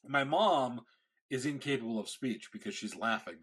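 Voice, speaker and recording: Husky bright-voiced man telling a story. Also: mid-range voice, moderate pace. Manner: animated storyteller, acts out quotes. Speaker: podcast host. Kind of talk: casual storytelling chat.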